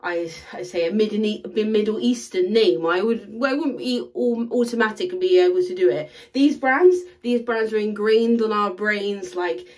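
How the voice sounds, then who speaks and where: A woman chatting her way through a haul on camera. She rambles and restarts, filling gaps with ums and likes, and her pitch sits in the middle of the usual range for a woman. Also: moderate pace, few pauses, darkish tone. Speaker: co-host, luxury reseller. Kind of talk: casual chat, showing thrift finds.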